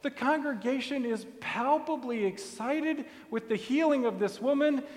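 Slow, high-voiced male preacher. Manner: storytelling, soft and deliberate. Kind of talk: sermon. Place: church sanctuary. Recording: long hall reverb.

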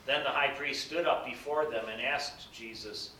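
Man, scripture reading, measured and solemn, bright voice, distant mic. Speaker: scripture reader. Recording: bright roomy echo, distant mic, faint rumble.

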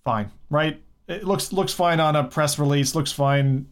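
A man's voice: fairly high pitch, a little slow. A man co-hosting a casual tech podcast, opinionated and thinking aloud. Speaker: podcast co-host. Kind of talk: casual group chat.

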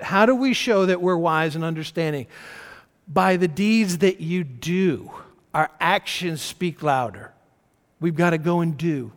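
A pastor delivers a sermon with earnest, conversational conviction, pushing some lines hard and dropping others to a near hush. His voice sits a little high for a man. The sound rings with the long reverb of a large hall. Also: measured pace. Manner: earnest, conversational preaching with swings from loud emphasis to soft.

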